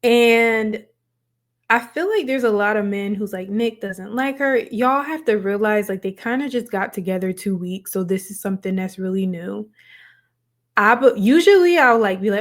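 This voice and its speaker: A woman speaks casually to her camera as host, chatty and emphatic. She talks slowly and stretches out her words. Her pitch sits in the middle of the range. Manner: chatty, emphatic, drawn-out phrasing. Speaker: commentary host.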